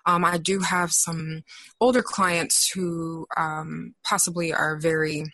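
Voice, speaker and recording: A woman therapist being interviewed, explaining her clinical work in a measured way with frequent pauses. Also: lowish voice, fairly even intonation, bright, forceful tone. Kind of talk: professional conversation.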